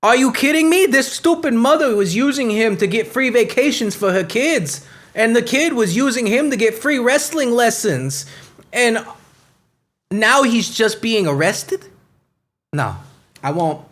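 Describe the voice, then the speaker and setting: A man voicing a hot-tempered, self-righteous police supporter who rants in a loud tirade. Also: very high voice, animated, unhurried, pitched above the performer's own voice, exaggerated voice. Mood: outraged.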